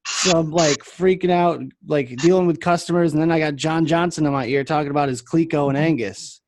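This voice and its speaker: With no echo in the recording, a young man speaks fairly quickly as he shares casual stories about people who come into a vape shop. He gets animated, voicing the customers in a higher register.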